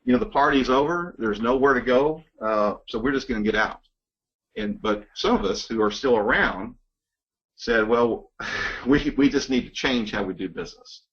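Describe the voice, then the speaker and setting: A man talking in a measured, reflective way during a casual business conversation. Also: medium pitch, a bit bright, lo-fi sound.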